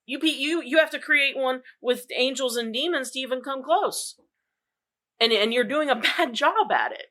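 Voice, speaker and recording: A woman's voice: high voice, moderate pace, bright, forceful tone. A woman co-hosting a movie podcast, giving emphatic, opinionated criticism in casual chat. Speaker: podcast co-host.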